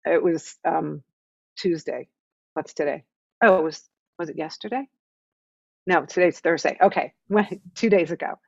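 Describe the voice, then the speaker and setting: A woman's voice: low voice, measured pace, vocal fry, long pauses, no room sound. A woman who teaches meditation, explaining her ideas as an interview guest in an earnest, teaching tone and often checking in with "right?". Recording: dull, dry recording.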